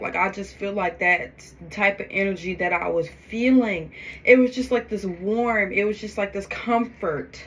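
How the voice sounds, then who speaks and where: A woman vlogging to her phone camera, talking in a forceful, preachy, emphatic way about faith. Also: mid-range voice, moderate pace, a little hiss or hum. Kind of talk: faith-filled get-ready-with-me vlog.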